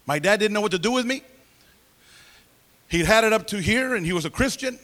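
A man telling his life story as a testimony in a sermon, animated and acting out the voices of people he quotes. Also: sits high, fairly quick. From California. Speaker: preacher giving testimony.

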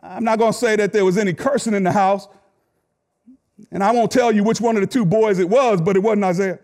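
A middle-aged man delivers a sermon in a notably high-pitched voice. He tells personal stories with animated energy, at times climbing to shouts and at times dropping to a quiet aside. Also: fairly quick. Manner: animated storytelling preacher, rising to shouts. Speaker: pastor.

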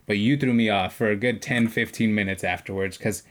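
A man's voice: lowish voice, brisk. A man co-hosting a podcast, casually telling a long story and acting out what people said, with the odd swear word. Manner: animated retelling, acts out quoted voices, swears casually. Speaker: podcast co-host.

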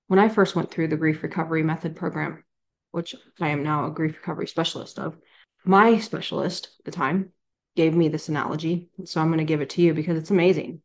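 A woman's voice: low voice, fairly even intonation, fairly quick. A middle-aged woman and grief recovery specialist giving an earnest, heartfelt Christian encouragement talk, with emphatic bursts. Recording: slightly dull lo-fi sound.

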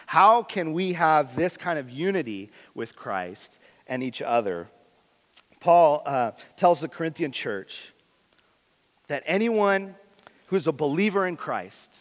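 A man preaching a sermon as pastor, earnest and candid, moving between loud emphasis and quiet intensity. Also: on the high side. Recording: long hall reverb.

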